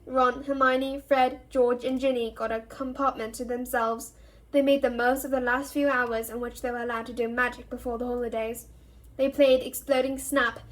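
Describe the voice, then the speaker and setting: A high-voiced woman reads a children's novel aloud, steady and expressive. She does a voice for each character as she goes. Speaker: reader.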